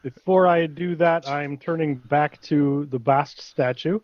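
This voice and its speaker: A man's voice: fairly high pitch, unhurried, a little mellow, lo-fi sound. A man playing in a tabletop game, dry and somewhat hesitant. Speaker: player.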